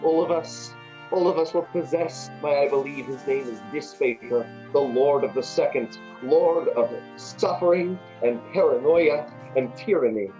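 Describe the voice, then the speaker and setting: A man's voice: fairly high pitch, moderate pace, mellow, highs cut off, soft background music, lightly acted. A man doing an earnest townsman. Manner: earnest, formal. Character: earnest male townsman vouching for the heroes.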